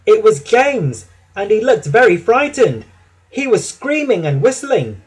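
Male storybook narrator, slow, animated, slightly raised pitch. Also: slightly rough, poor audio. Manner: slow, expressive children's-story reading.

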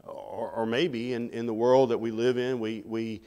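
A man's voice: medium pitch, steady tone, a little slow, dark tone, clean tone, in a large hall. A man preaching a sermon in a conversational way, putting rhetorical questions to the congregation. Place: church sanctuary.

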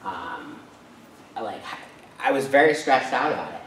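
A Rhode Island man, a guest speaker, gives a casual personal talk to an audience in a church hall, chatting along with lots of fillers and tag questions. His mid-range voice is fairly bright with lively intonation and a slightly slow delivery. It's recorded from far off in an echoey hall, with slight background noise.

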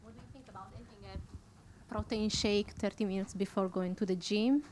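Woman audience member, halting questions, seminar room. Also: mid-range voice, steady tone, a little mellow.

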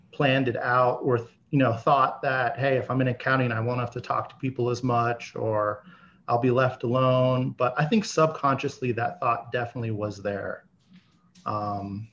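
A man's voice: medium pitch, a bit bright. Thirty-something man who stutters. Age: 30s. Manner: stutters, with many pauses and fillers. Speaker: interview guest, accountant. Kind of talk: casual interview talk. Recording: slightly dull audio with faint background hiss.

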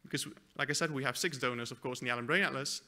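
A man giving a conference presentation, walking through a live software demo with a few fillers and self-corrections. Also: medium pitch, racing. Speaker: conference speaker. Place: conference hall.

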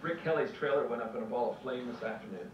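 A man's voice: medium pitch, fast, recorded from a distance, noisy background, natural voice. An actor playing a wry, easygoing male investigator who talks in a dry, joking way. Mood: calm. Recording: dull roomy TV soundtrack, music behind.

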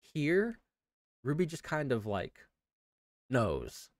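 Male co-host, low lively voice, dry close sound, laughs easily. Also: slow pace, dry recording. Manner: relaxed, laughing, jumps into put-on high voices for quotes. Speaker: podcast co-host. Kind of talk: casual chat.

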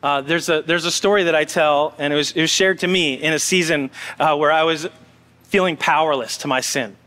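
High-voiced preacher in a reverberant church. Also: male voice, fairly even intonation, a little fast, pushed and bright. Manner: conversational, story-telling preaching with audience asides. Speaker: pastor. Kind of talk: sermon. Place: church sanctuary. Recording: long church hall reverb.

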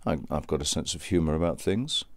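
A man's voice: extremely low pitch, brisk, no room sound, clean studio sound. A man, rambling to camera in a self-mocking, joking way and swearing freely. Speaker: vlogger.

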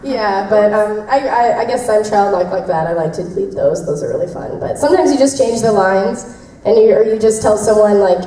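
A voice actress telling convention fans behind-the-scenes stories in a giggly, rambling way. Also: female voice, mid-range voice, expressive, brisk, warm tone. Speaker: voice actress answering fan questions. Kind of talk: casual convention Q&A. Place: convention panel room. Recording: echoey room from far off, faint noise.

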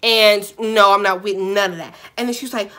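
Bright, animated young woman storyteller. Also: mid-range voice, a little fast. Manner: animated, profane, dramatic storytelling. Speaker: vlogger. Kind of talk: storytime vlog.

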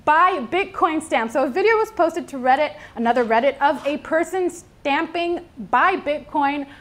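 A woman's voice: sits high, animated, normal speed. A young woman from New York co-hosting a casual news show, chatty and reading out comments. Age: young adult. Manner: chatty, reads out comments with filler ums. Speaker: news co-host.

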